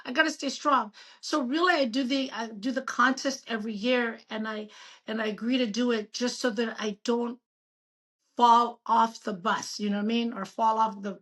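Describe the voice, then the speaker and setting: A woman in her fifties, a doctor chatting as a guest in an interview, telling stories in an animated, emphatic way. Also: fairly high pitch, moderate pace. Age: 50s. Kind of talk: casual interview chat.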